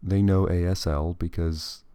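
Very deep-voiced rambling podcast man. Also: steady tone, a little slow, dark tone, smooth, no echo. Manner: rambling, digressive, self-deprecating. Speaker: podcast host. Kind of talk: casual solo podcast monologue.

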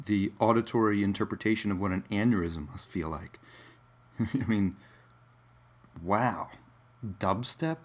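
Man, casual rambling monologue, wry, digressive, low voice. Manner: musing, wry, digressive, many fillers.

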